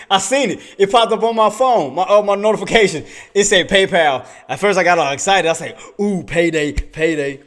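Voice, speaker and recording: An excitable man talking through his trades on a live stream in a slightly high voice. He is chatty, laughs often with his viewers, and mutters under his breath while he hunts around his screen. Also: a little fast. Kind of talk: casual livestream trading commentary.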